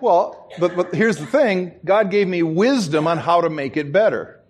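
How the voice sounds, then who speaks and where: A man's voice: high voice, expressive, moderate pace, slightly rough. A middle-aged man preaching a sermon as pastor, telling stories and acting out the people in them. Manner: storytelling, acts out quoted voices, chuckles at himself.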